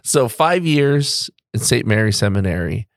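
Male host, casual interviewer, quick laugh, dry sound. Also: lowish voice, animated, no echo. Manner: laughs often, short affirmations. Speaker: podcast host.

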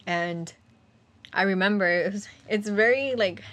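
A woman's voice: medium pitch, unhurried, fairly bright tone. A young woman in casual conversation, telling a sad personal story in a rambling way with lots of fillers and acted-out quotes. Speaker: guest sharing a personal story. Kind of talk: casual chat.

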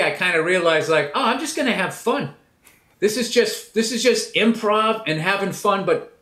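A high-pitched, middle-aged man riffs in a casual interview, mocking things and slipping into quick impressions. The room gives his voice a roomy echo. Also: fairly bright tone. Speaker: comedian guest.

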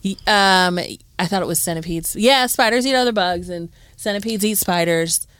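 A woman co-hosting a podcast, telling stories in an animated, exasperated way during casual chat. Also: mid-range voice, normal speed, clear, resonant tone, no echo. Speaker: podcast co-host.

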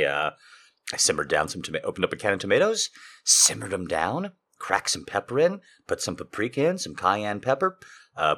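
Low-voiced, rambling man. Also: fairly bright tone. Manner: rambling, profane, self-amused storytelling. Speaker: podcast host and author. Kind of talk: casual chat. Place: home room with ceiling fan running.

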